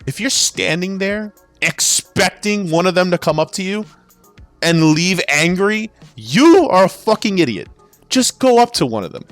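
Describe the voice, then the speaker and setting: A man's voice: high voice, lively intonation, normal speed, faint music behind. A man ranting about his years working in sales, exasperated and swearing as he rambles through stories and restarts. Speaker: former sales associate. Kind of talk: profane ranting monologue.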